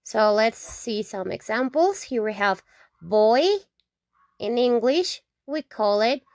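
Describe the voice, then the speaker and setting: A woman's voice: on the high side, slow, no room sound, studio quality. A woman teaching. She goes through a vocabulary lesson patiently, repeating each example word several times and checking in with "okay?". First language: Spanish. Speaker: Spanish teacher. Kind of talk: slow alphabet lesson with repeated example words.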